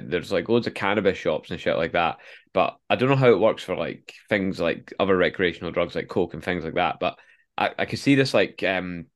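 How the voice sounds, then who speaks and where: A young man with a lowish voice who talks quickly, firing off teasing banter as a podcast co-host. His delivery is loose and conversational. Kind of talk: casual chat.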